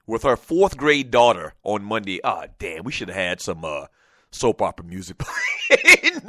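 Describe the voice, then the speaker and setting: A man hosting a casual sports talk show, animated and chatty, talking straight to his listeners. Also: medium pitch, dry recording.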